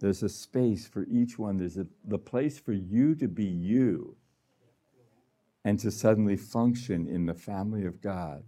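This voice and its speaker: A man's voice: on the low side, measured pace, warm tone. A man giving a conversational sermon to a gathering, laughing often and acting out little voices. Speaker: healing room director speaking.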